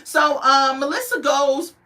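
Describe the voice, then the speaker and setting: Talking reality shows in a high, bright voice, this woman keeps her casual commentary lively and animated. She addresses viewers as "y'all" and "baby" and slips into rapid impressions of the people she's describing.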